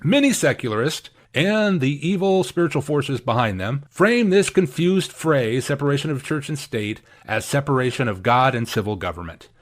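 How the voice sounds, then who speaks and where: A man's voice: mid-range voice, animated, normal speed, few pauses. A man preaching a sermon, emphatic and repeating key phrases for stress. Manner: acts out quoted speakers in shifted voices. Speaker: pastor.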